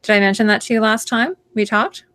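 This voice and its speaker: A woman from Canada hosts a loose live chat, her voice bright and forward. She rambles and restarts her sentences as she goes. The sound is dry and close, with almost no room around it. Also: on the high side, a little fast, dry recording. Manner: chatty, rambling, frequent restarts and fillers. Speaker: host. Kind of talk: casual live-stream chat.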